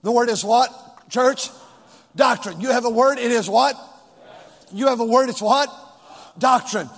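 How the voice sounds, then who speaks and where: A male pastor preaching a sermon with call and response to his congregation, rising into shouts. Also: very high voice, measured pace, gravelly. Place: large church hall with two floors. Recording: long hall reverb.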